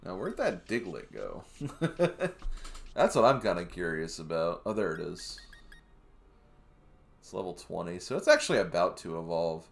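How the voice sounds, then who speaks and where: A man's voice: sits low, sing-song, moderate pace, creaky. A man streaming a game, giving casual commentary as he plays. He thinks aloud and chuckles at his own remarks.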